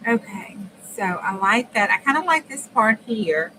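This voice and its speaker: On her casual craft stream, a woman talks and thinks aloud while she works, now and then lowering to near-whispers. Her voice is on the high side, animated and sharp in tone, at a measured pace. The background is noisy.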